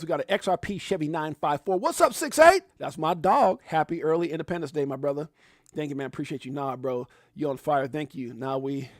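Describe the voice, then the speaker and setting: A man hosting a casual live stream, hyped and effusive, giving one shout-out after another to people watching. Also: a little high, no room sound, clean studio sound. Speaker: livestream host. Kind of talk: casual live-stream chat reading out viewer names.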